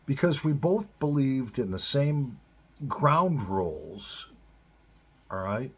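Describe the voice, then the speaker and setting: A man's voice: medium pitch, sing-song, takes it slowly, slightly rough. A middle-aged man giving blunt, profane advice straight to other men in a casual monologue. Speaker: advice-giver to divorced fathers.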